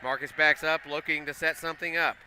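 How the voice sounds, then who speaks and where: A man calling a school basketball game play by play, getting excitable and loud on big plays. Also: on the high side, fast talker, slight background noise. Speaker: play-by-play commentator. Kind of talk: live basketball commentary. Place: school gym.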